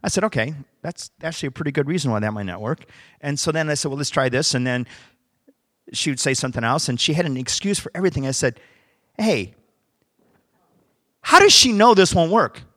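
A man's voice: medium pitch, quick pace, fairly bright tone, no room sound, clean studio sound. A man, a pastor, preaching by telling a story and acting out the dialogue as he goes. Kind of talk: sermon storytelling.

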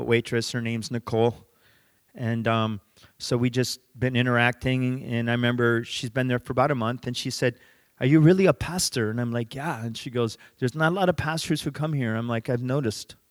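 Middle-aged male pastor, mid-pitched, conversational sermon storyteller, dry close mic. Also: clean tone, dry recording. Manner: conversational, drops soft for emphasis.

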